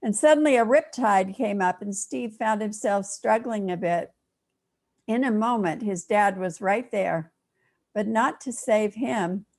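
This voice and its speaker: Older woman minister, sermon storyteller, mid-pitched, expressive pauses. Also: gravelly.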